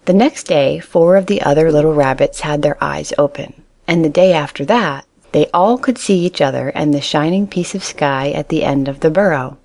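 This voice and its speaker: A woman reading a children's animal story aloud in a calm, even way. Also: deep voice, normal speed, hardly any pauses.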